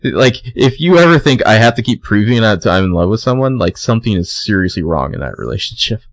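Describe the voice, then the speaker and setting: A man's voice: on the low side, sing-song, fast talker, no echo. A man co-hosting a podcast, recapping a TV episode in casual chat, loose and filler-heavy, laughing often. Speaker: podcast co-host.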